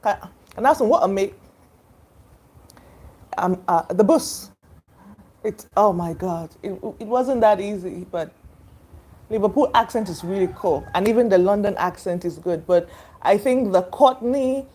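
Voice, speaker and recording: Woman host for a casual live chat; unhurried, hesitant delivery with lots of ums. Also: mid-range voice, dark tone, slight background noise. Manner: rambling, hesitant, many fillers and laughs. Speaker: livestream host. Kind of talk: casual live-stream chat greeting viewers.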